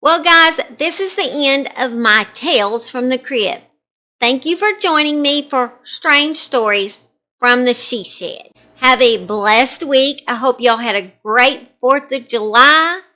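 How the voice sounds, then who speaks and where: Southern US woman, higher voice, slow and easy, bright, folksy storyteller. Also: expressive. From Southern United States. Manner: folksy and chatty, says y'all. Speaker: host. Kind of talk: casual true-crime storytelling.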